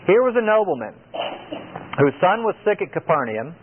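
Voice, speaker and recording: A man's voice: sits high, very animated, a little fast, a little hiss or hum. Earnest preacher man on tinny radio. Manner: earnest, rhetorical questions, reads scripture aloud. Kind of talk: radio sermon. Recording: tinny phone-like radio broadcast.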